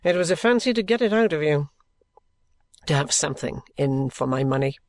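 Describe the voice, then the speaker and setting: A man voicing a steady, gruff former soldier with a plain, measured delivery. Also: on the high side, dry recording.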